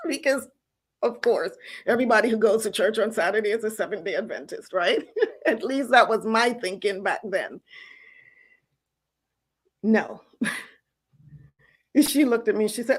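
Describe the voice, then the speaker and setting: A middle-aged woman host telling her personal faith story in an earnest, storytelling way, with soft laughs now and then. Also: medium pitch, animated, a little slow, pauses often. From United States. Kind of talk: personal testimony.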